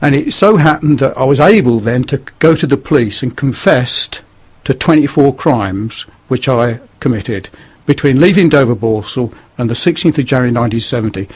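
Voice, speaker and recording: A man's voice: mid-range voice, expressive, moderate pace, hardly any pauses, breathy edge. An older man with a northern English accent, telling his life story bluntly and earnestly as a radio guest. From northern England. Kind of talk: testimony on radio.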